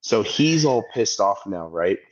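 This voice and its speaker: An unhurried man in his thirties with a lowish voice co-hosts a podcast, telling a story in casual chat. He animatedly acts out the people in his tale, captured in lo-fi sound.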